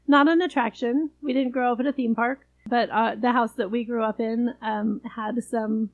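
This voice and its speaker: A woman's voice: fairly high pitch, steady tone, normal speed, dull audio. A woman co-hosting a podcast in a friendly, matter-of-fact way, laughing easily. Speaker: podcast co-host. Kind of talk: casual chat.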